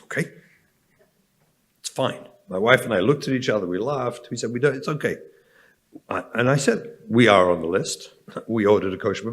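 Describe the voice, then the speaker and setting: A man's voice: mid-range voice, sing-song, normal speed, long pauses. A man with an English accent, a rabbi giving a keynote lecture, telling an anecdote with light humor. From England.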